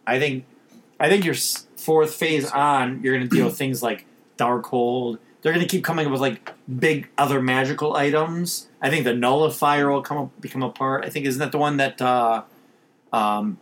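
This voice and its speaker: A man's voice: medium pitch, normal speed, fairly bright tone. A man hosting a casual podcast chat, recapping a film in a rambling way with many restarts.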